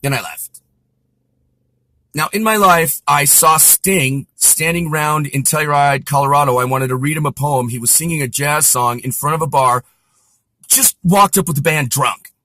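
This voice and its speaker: Rambling, bright-voiced male storyteller. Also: on the high side, moderate pace, dry recording. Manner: rambling, animated, lots of asides. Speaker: vlogger. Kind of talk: casual storytelling monologue.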